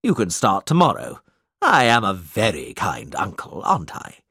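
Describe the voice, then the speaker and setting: Storybook uncle, cold and commanding, with lively pitch swings, read by a man. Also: normal speed, husky, dry recording, clean studio sound, exaggerated voice. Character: cold, domineering older male uncle.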